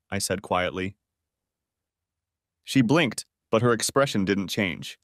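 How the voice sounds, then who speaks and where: A man's voice: lowish voice, big pitch swings, moderate pace, a bit bright, dry recording, studio quality. A man narrating a first-person audiobook story in a dramatic, emotive reading.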